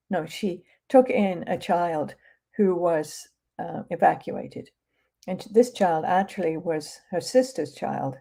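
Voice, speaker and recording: Woman, English accent, author, conversational, full of fillers and restarts, warm mellow tone. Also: fairly low pitch, creaky. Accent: English, from near London. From England. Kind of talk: live author talk.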